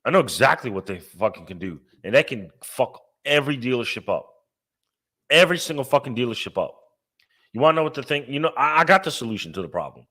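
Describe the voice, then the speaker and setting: Ranting, swearing man with lively pitch. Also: quick pace. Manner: ranting, heavy swearing, emphatic. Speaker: podcast co-host. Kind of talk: casual profane car chat.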